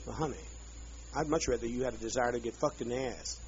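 A man's voice: mid-range voice, fairly quick, pauses often, slight background noise. A man leading a group, ranting in a bitter, profane, drawling way. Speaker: leader addressing a group. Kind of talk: angry profane rant. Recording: dull lo-fi archive tape.

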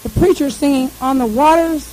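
A woman's voice: sits high, normal speed, a little hiss or hum, rough recording. Woman telling a rambling, profane story. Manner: profane, rambling, animated, imitates radio noises. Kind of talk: casual storytelling.

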